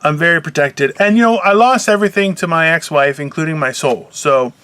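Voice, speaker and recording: A man co-hosting a casual podcast, swearing a lot and breaking into playful mock yelling. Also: on the high side, a little fast, clear, resonant tone, no echo. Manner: profane, mock-yelling rants. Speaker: co-host.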